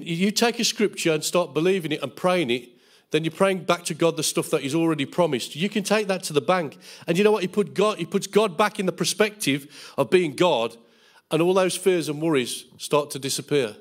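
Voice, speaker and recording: A middle-aged pastor teaching a bible school sermon, acting out quotes in a raised, lively voice. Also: male voice, fairly high pitch. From England. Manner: animated, acts out quotes in a raised voice.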